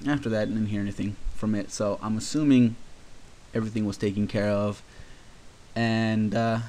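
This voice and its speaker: A man's voice: fairly low pitch, steady tone, normal speed, a little mellow. A young man casually telling a long story about his school days, offhand and rambling with lots of fillers. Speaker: vlogger.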